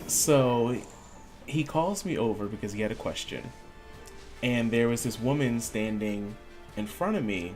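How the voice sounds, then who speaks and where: Low-voiced guy telling a story while gaming, does the voices of everyone in it, bit of game music in the back. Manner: animated storyteller, acts out quoted voices. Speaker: gaming streamer.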